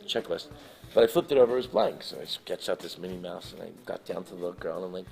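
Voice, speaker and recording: A man telling an animated, emotional anecdote as a guest in a live interview, acting out the people in his story. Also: low-pitched, fast talker, creaky, over music. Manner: emotional, laughs while telling. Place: live event in front of an audience.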